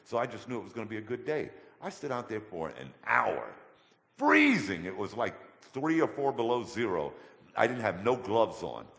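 A man telling his testimony as a guest in a church, colloquial and animated. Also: on the low side, a little fast, creaky. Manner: animated, colloquial, acts out voices in his stories. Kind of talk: storytelling testimony. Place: church hall. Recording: echoey church hall with long reverb.

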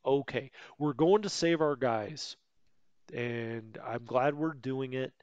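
A man's voice: mid-range voice, slow pace, a little mellow, smooth, no echo, muffled recording. Rambling man narrating a war game. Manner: rambling, self-correcting, chatty asides. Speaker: let's play host. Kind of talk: casual gameplay commentary.

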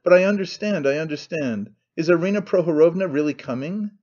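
A man's voice: fairly high pitch, animated, fairly quick, darkish tone, lo-fi sound. A man voicing a panicky, nervous man who stammers out fussy protests. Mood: flustered.

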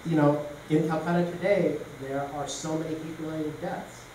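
A man's voice: fairly high pitch, flat delivery, moderate pace, darkish tone. Man lecturing in an echoey room. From Canada. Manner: informal, anecdotal storytelling. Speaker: guest lecturer. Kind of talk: public lecture. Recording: echoey room from a distance, faint noise.

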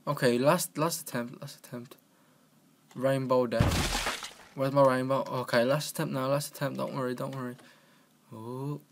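A man giving casual, excitable let's-play commentary from his computer, talking to the game and yelping at crashes. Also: mid-range voice, normal speed, a little hiss or hum. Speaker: gaming channel host. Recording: home mic with clear keyboard clicking.

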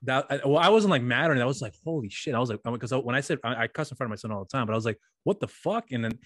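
A man's voice: mid-range voice, rapid-fire, fairly bright tone, no room sound, clean studio sound. A man in his thirties hosting a casual interview, telling stories in rambling runs with many restarts. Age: 30s. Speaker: podcast host.

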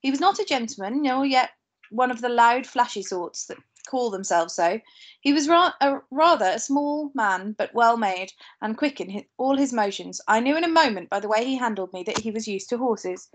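A woman teacher reads a novel aloud to her class in a steady, unhurried way. Her voice sits a little high, and she corrects small slips as she goes. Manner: steady reading with occasional slips and asides. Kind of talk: reading a novel aloud to pupils.

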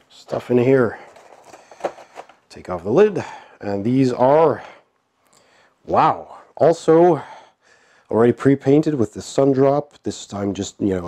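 A man with a cold and a nasal voice, casually commenting while unboxing a board game, with frequent fillers and chuckles. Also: medium pitch. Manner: relaxed, chuckling, lots of fillers.

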